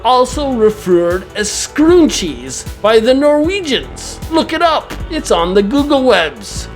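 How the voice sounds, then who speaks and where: Comedy vlogger, male, grandiose and theatrical, slow deliberate delivery, faint music behind. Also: very high voice, fairly bright tone. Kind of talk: absurd comedic character monologue.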